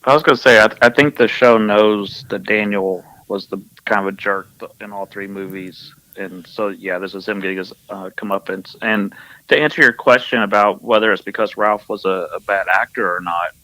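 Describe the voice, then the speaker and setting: A man with a Kentucky accent co-hosting a podcast, making deadpan jokes and restarting his sentences. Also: fairly low pitch, moderate pace, no room sound, poor audio. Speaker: podcast co-host. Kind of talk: casual podcast banter.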